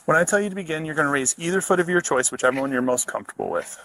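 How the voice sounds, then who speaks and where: Calm police officer giving test instructions. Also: male voice, on the high side, vocal fry, rough recording. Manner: calm, measured, procedural. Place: outdoors at a roadside traffic stop. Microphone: body camera. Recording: faint noise, body camera audio.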